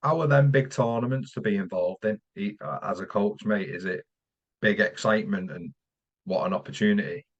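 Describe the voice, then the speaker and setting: A man's voice: fairly low pitch, normal speed, highs cut off. A man hosting a casual interview, asking questions in a friendly, chummy way and calling his guest "mate". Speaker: podcast host.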